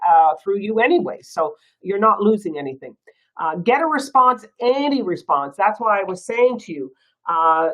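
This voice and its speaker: A woman with a Canadian accent giving a real estate training talk in a chatty, lively way and laughing often. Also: mid-range voice. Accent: Canadian English. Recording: dull lo-fi recording.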